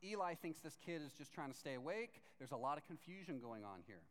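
A man in his thirties preaching a sermon as a pastor, lively and conversational, acting out voices as he tells the story. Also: on the high side, brisk. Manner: animated, acts out voices while reading scripture. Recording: long reverb of a large hall.

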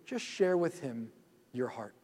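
A man leading a guided prayer meditation in a church hall, speaking gently and soothingly and often dropping to a hush. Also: medium pitch, expressive, a little slow.

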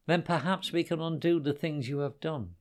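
A man voicing a calm, brave male ninja who speaks in a firm, measured way. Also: on the high side, pitched above the performer's own voice, close to an everyday voice.

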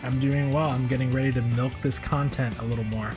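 A man co-hosting a podcast, easygoing and quick to laugh in casual banter. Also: medium pitch, fairly even intonation, over music. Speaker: podcast co-host.

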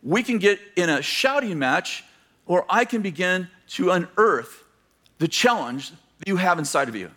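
A male pastor preaching to his church, with a voice pitched a little high for a man. He tells stories and acts out the people in them, dropping in joking asides along the way. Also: expressive, unhurried, a bit bright. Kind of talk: sermon.

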